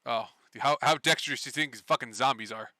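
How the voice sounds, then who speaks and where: A man's voice: mid-range voice, fairly quick, pushed and bright, dry recording. A man running a tabletop game as game master, casual and profane, laughing often. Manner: laughing, swearing, loose and joking.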